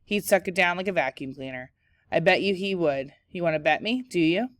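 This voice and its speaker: A woman voicing a goofy, excitable schoolboy who rambles and insists. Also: on the low side, a little fast, no echo, lightly acted. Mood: insistent.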